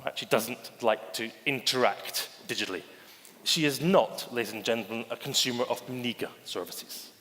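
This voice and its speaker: A man delivers a conference keynote in a theatrical storytelling style, often calling out to the audience and acting out the voices in his anecdotes. His voice sits at a middle pitch, and a long hall reverb trails every word. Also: moderate pace, slight background noise. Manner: theatrical, addresses audience as ladies and gentlemen; acts out anecdotes with quoted voices. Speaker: conference speaker, bank digital chief. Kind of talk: keynote presentation. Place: conference stage.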